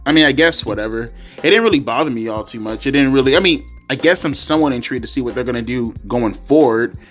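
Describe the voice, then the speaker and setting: A man's voice: mid-range voice, fast talker, a bit bright, soft background music. A man ranting sarcastically and profanely about a wrestling show in a casual vlog. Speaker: wrestling commentary vlogger. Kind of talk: profane rant.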